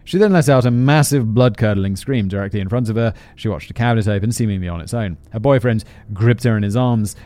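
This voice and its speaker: A man's voice: on the low side, fast talker, mellow. A man hosting a podcast, reading a story aloud with sardonic, self-mocking asides and casual swearing, close to the microphone. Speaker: podcast host.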